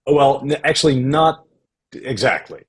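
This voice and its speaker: A man guest on a podcast, telling stories in a measured, anecdotal way about his acting career. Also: mid-range voice, expressive, low-quality recording. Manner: anecdotal, measured, uses quoted voices. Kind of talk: relaxed storytelling conversation.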